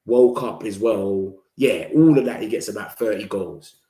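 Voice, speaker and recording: Here the football fan channel host, a young Londoner, sounds low and dark, talking at normal speed in an echoey room. He keeps the live-stream chat about football relaxed and full of slang, occasionally doing impressions of opposing fans.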